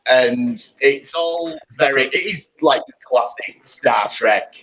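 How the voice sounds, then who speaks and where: Husky man chatting on a podcast. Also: medium pitch, slow pace, fairly bright tone, low-quality recording. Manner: chatty, jokey, drifts into mock voices. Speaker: podcast co-host. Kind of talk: casual chat at a live pub recording.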